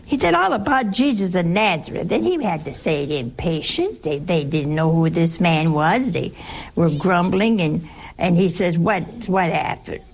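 A woman's voice: fairly low pitch, animated, moderate pace. A woman giving a conversational sermon as a Bible teacher, teasing her listeners with rhetorical questions.

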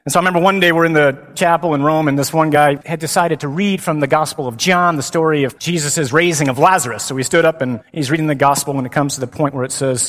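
A man, a priest, giving a lively and humorous conference talk with emphatic delivery. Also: on the high side, fast talker. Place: large hall. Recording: long hall reverb.

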